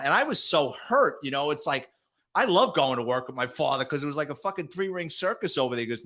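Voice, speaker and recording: A middle-aged man with a New York accent, a retired detective telling profane, animated stories in an interview. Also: a little high, fast. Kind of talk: storytelling interview.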